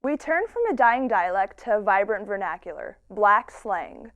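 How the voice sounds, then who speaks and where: A woman news anchor reading a scripted segment introduction in a clear, even delivery. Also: mid-range voice, moderate pace, lo-fi sound.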